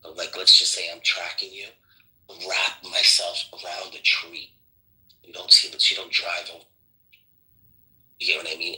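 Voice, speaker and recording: A man's voice: deep voice, monotone, measured pace, long pauses, sharp tone, rough recording. A man chatting casually on a podcast, joking loosely, trailing off and repeating himself.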